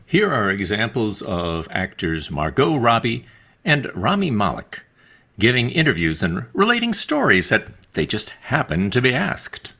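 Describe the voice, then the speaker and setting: A man's voice: fairly low pitch, huge pitch swings, measured pace, vocal fry, pushed and bright. A man narrating a speaking practice video and explaining the point of each clip. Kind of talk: read-out narration.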